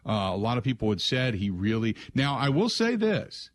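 In a radio studio, a man fills the gaps between segments of his sports show with loose, chatty rambling, full of fillers, restarts and prompts for callers. His voice is medium in pitch with big swings, delivered at a moderate pace on a dry recording.

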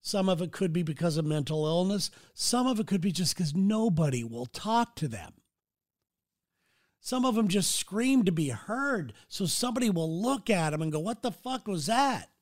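Blunt high-voiced male podcast host. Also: expressive, normal speed. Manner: blunt, rambling, swears freely. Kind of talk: casual solo monologue. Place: city.

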